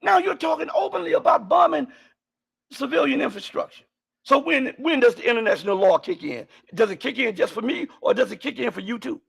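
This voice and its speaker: A man's voice: very high-pitched, fairly quick, creaky, breathy edge. A man giving heated, impassioned political commentary, firing off rhetorical questions and often raising his voice. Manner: heated, repetitive, rhetorical questions, bursts of shouting. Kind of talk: impassioned live-stream commentary.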